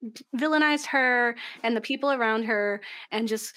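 A young woman with a high voice talks in a loose, casual podcast chat. She is animated and laughs often. Her sentences run on with likes and ums. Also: unhurried.

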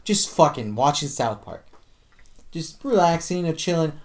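A man co-hosting a casual podcast, telling a story in an animated, profane way and acting out the quotes. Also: fairly high pitch, measured pace. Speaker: podcast co-host.

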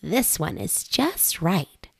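A woman voicing a hungry, tired little girl in a storybook reading, speaking slowly and drawn-out. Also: on the low side, very animated, creaky, husky, no echo, full character voice.

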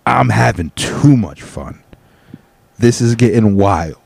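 A man's voice: on the low side, animated, slow, vocal fry, darkish tone, slightly rough, no room sound. A man hosting a solo podcast from his apartment, ranting casually in a rambling, profane way and cutting himself off mid-sentence. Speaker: podcast host. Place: home apartment.

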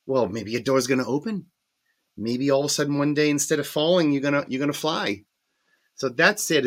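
Middle-aged male guest, animated storyteller who acts out his inner voice. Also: medium pitch. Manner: animated, acts out his own past thoughts, stammers when excited. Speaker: interview guest, speed painter. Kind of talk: casual interview storytelling.

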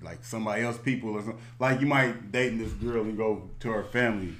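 A man with a fairly low voice talks slangy and animated as a podcast host, swinging into stories with a loose, easy delivery. The room around him has a noticeable echo. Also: fast. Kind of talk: casual chat.

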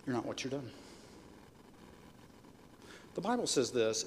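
Joking middle-aged pastor in echoing hall. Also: male voice, on the high side, moderate pace, pauses often. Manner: animated and joking, leads call-and-response. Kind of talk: sermon. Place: church hall. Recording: reverberant hall with faint noise.

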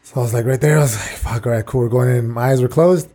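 A man's voice: mid-range voice, quick pace, warm tone. A young man co-hosting a casual podcast chat, rambling and profane, laughing as he tells stories. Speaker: podcast co-host.

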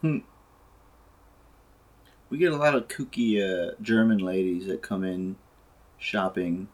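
A man's voice: deep voice, slow pace. A young man in a casual podcast chat, playful and joking. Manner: playful, does silly voices.

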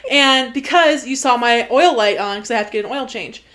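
A young woman with a slightly high voice, chatting casually as she tells a funny story to a friend. She laughs often between lines. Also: brisk, fairly bright tone, slight background noise. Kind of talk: casual chat.

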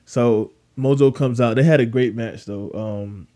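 Young guy on a wrestling podcast, casual, swears a lot, voice jumps way up when he's weirded out. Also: a little slow. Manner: animated storyteller, swears freely, rises high when incredulous. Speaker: podcast co-host.

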